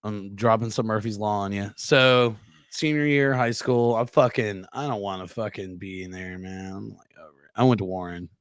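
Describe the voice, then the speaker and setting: A young adult man telling a profane, animated story on a podcast, acting out sound effects as he goes. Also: on the low side, moderate pace, clean tone, no echo, clean studio sound. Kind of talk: casual storytelling.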